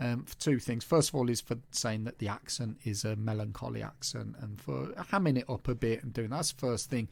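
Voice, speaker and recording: A man's voice: medium pitch, fairly quick, vocal fry, hardly any pauses. A middle-aged man from Birmingham hosting a podcast, chatting in a jokey, rambling way and swearing casually. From Birmingham, England. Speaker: podcast host. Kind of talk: casual chat.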